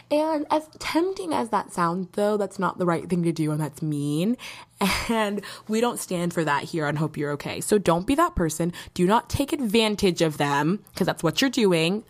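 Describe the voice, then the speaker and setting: A woman in her late teens hosting a podcast in a casual, chatty, rambling way, with frequent laughter and mock-dramatic outbursts. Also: on the low side. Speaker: podcast host. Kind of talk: casual chat.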